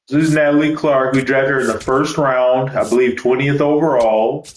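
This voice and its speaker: A man's voice: medium pitch, fairly even intonation, normal speed. A man talks through a baseball video game in a loose, joking way, cursing now and then. His voice sits in a middle range. The room around him is echoey. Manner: loose, joking, swears casually. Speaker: gaming YouTuber. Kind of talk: casual gameplay commentary.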